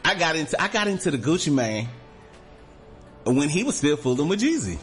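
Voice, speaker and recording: Guy on talk radio, loose and emphatic, voice bouncing all over, a bit high. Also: brisk, faint music behind. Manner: animated, emphatic, repeats phrases. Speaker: radio talk show host. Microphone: studio microphone.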